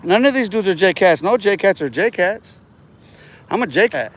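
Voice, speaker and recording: Brief: male livestreamer, fairly high voice, loose swearing ramble, boastful, laughs a lot, restarts phrases. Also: animated, unhurried, background noise. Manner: profane, boastful, laughs between remarks; trails off and restarts words often. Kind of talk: rambling casual livestream talk.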